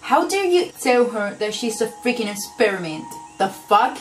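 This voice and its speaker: A young woman casually reacting to a TV episode, excitable, laughing and swearing often. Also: a little high, moderate pace, far from the mic, music in the background. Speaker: TV show reactor.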